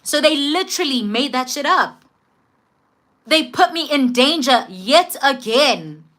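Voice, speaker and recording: Bright-voiced South African woman telling a story. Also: high-pitched, a little slow. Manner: animated, expressive storytelling. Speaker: vlogger. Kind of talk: storytime vlog.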